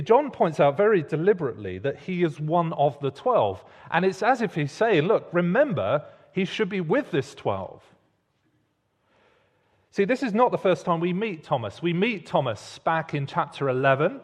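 Guy preaching, up and down a lot, stops for emphasis, big church reverb. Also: a little high. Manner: expressive, pausing for emphasis. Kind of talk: sermon. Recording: long reverb of a large hall.

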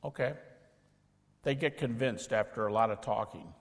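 A middle-aged man teaching a lecture to an audience, acting out dialogues with doubters in an animated way. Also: medium pitch, normal speed, long reverb tail. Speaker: speaker teaching apologetics.

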